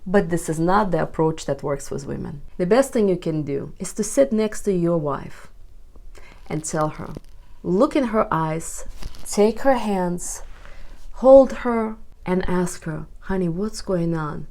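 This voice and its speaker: A woman relationship coach giving advice straight to camera to her viewers, expressive and emphatic. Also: fairly low pitch, measured pace, creaky. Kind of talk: direct-to-camera advice video.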